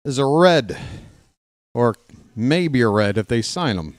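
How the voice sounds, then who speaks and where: A man's voice: medium pitch, animated, slow pace, pauses often, no echo, studio quality. A man hosting a casual live-stream watch-along, chatty and joking, reading chat aloud, out of breath.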